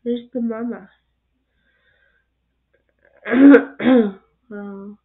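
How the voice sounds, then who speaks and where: A woman hosting a reaction video, cooing softly over cute animals and chatting casually, sometimes dropping to a whisper. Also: a little high, steady tone, very slow. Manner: soft-spoken, drops to whispers at times. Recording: tinny phone-like sound.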